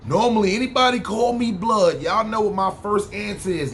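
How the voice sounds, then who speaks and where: A man with a New York accent telling his own story casually on a podcast, slangy and animated. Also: sits high, normal speed, hardly any pauses, slight background noise. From New York City.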